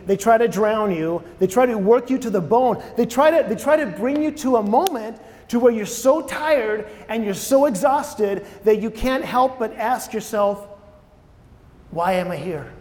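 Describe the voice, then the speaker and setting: A preacher with a high, slightly mellow voice gives a conversational sermon to a church audience. He repeats key phrases and puts questions to the room, and the recording carries a long hall reverb.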